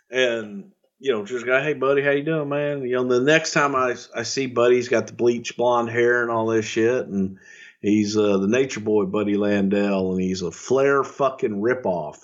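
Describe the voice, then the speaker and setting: A middle-aged man co-hosts a podcast, telling rambling anecdotes laced with swearing and laughter. His voice sits in an ordinary middle register, and the audio is slightly dull and muffled. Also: medium pitch. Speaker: podcast co-host, former wrestling executive. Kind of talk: casual storytelling.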